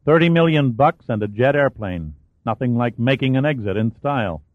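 A man's voice: mid-range voice, animated, normal speed, dry recording, lightly acted. A man reading an audiobook, voicing a cold, contemptuous male hired killer. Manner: contemptuous and sneering. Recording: dry, phone-like narrow sound.

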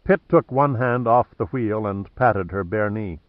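A man narrating an audiobook in a measured, even way. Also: fairly low pitch, no room sound, phone-quality sound. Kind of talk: scripted narration.

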